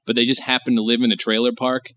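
A man's voice: mid-range voice, level tone, fast, fairly bright tone. A man hosting a podcast, chatting casually with wry, sarcastic humor. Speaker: podcast host. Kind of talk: casual chat.

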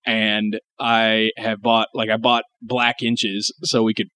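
Bright-voiced young man ranting crudely. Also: lowish voice, level tone, slow, smooth. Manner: profane, emphatic ranting. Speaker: podcast co-host. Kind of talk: crude casual chat.

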